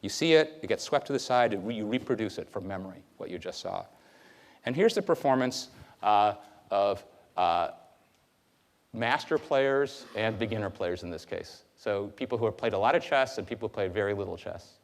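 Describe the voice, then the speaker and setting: A male university lecturer giving a classroom lecture in a hall, talking in a lively, conversational way with frequent fillers. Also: lowish voice, normal speed.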